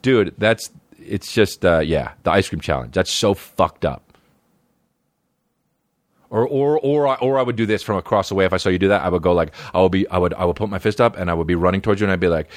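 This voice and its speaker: Male podcast comic, lowish voice, rambling profane riffs, dry close sound. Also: lively intonation, brisk, no room sound. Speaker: comedian podcast host. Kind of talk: casual comedic monologue.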